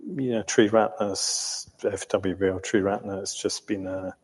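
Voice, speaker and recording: A man's voice: low-pitched, level tone, measured pace, husky, big-room sound. An older man from England telling his life story in a reflective, hesitant way, with many ums and restarts and the odd chuckle. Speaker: interviewee recounting his life.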